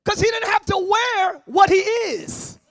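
A man preaching a sermon as pastor, often shouting. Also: very high-pitched, unhurried, vocal fry. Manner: shouting, sing-song preaching with call-and-response. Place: church service, before a congregation.

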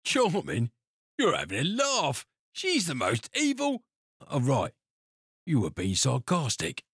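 A man's voice: mid-range voice, wildly swooping pitch, slow, fairly bright tone, slightly rough, dry recording, studio quality, heavily acted. A man playing a naive, easily scared street seller who chatters with questions, recorded at home with audible noise.

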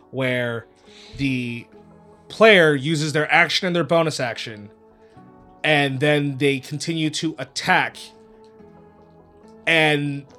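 Man narrating as game master, bright. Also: fairly high pitch. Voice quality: loose, filler-heavy narration.

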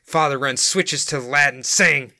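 A man's voice: mid-range voice, unhurried, pushed and bright, no room sound, clean studio sound. A man hosting a podcast, narrating a case in a casual, amused way. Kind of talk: storytelling narration.

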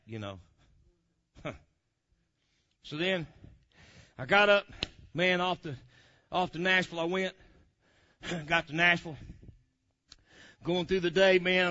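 A man telling a testimony in a sermon, swinging from loud hollering to low, quiet asides. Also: normal speed, long pauses. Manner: animated storyteller, swings from hollering to low murmurs. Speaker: preacher. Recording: dull lo-fi recording.

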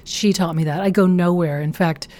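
A woman from Chicago, a podcast guest, telling lively anecdotes in casual chat and acting out what people said. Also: on the low side, normal speed.

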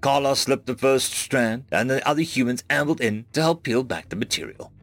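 A man narrating a first-person science fiction story in a measured storytelling manner. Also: mid-range voice, animated, fairly bright tone, dry recording. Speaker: audiobook narrator. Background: faint background music.

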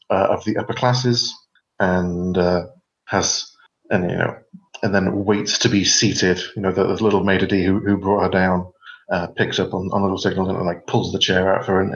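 Rambling game master, echoey lo-fi room. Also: male voice, deep voice, a bit bright. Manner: rambling, full of fillers, jokey asides. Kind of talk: narrating a tabletop game. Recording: echoey, dull lo-fi room sound.

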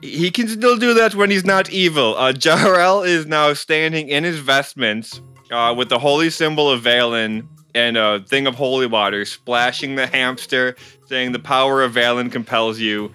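A man's voice: mid-range voice, moderate pace, hardly any pauses, pushed and bright, smooth, soft background music. A man playing a cleric in a tabletop game, speaking playfully and earnestly in character, often laughing. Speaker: player. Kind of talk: tabletop role-play.

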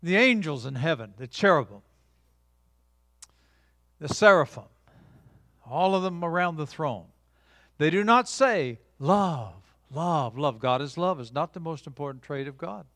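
A man preaching a sermon in a slightly high voice, emphatic, shifting between loud declarations and near-hushed lines. He leads the congregation in call-and-response. The sound is dry and close, with little room echo. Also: expressive, moderate pace, pauses often. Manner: engages audience with call-and-response. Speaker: pastor.

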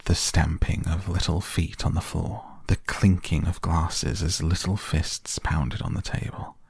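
A man reads a storybook tale aloud in a very deep, gravelly voice, taking it slowly and dramatically. The sound is close and dry with no room to it. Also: little pitch movement, darkish tone, no echo. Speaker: narrator. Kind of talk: storybook reading.

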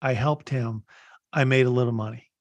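A man hosting a business podcast, telling blunt, animated stories in a casual interview. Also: mid-range voice, no room sound, lo-fi sound. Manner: animated storytelling, blunt, fast bursts. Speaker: podcast host.

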